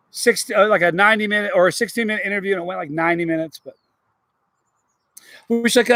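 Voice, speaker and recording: Man, middle-aged, high-pitched, live stream host, animated storyteller, dry close mic. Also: dry recording. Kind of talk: casual live stream chat.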